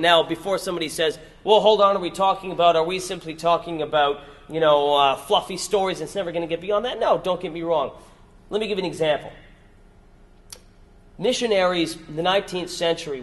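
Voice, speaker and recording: A man giving a persuasive workshop lecture, asking his audience rhetorical questions and repeating points for emphasis. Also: high-pitched. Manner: emphatic repetition. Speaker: workshop presenter.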